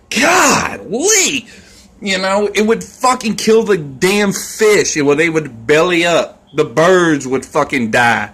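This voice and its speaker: A man's voice: fairly high pitch, huge pitch swings, drawn-out words, pauses often, fairly bright tone, slightly rough. A man ranting in a casual vlog, rambling and scornful, swearing constantly. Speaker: vlogger.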